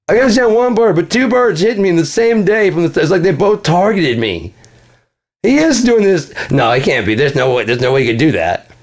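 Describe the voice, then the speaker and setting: A man's voice: on the high side, voice pushed up. A man voicing a paranoid, frantic man who is convinced he is cursed, swearing and arguing with himself.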